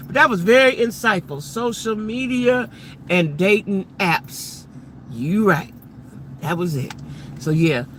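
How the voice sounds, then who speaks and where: A woman's voice: deep voice, sharp tone, slight background noise. A middle-aged woman hosting a casual live stream from her car, chatting animatedly with her viewers. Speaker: livestream host.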